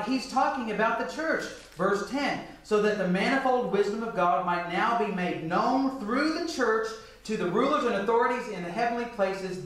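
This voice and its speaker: A man's voice: high-pitched, fairly bright tone. A man in his forties preaching a lecture sermon, reading scripture aloud and asking the audience rhetorical questions. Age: 40s. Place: church hall. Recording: echoey hall, mic at a distance.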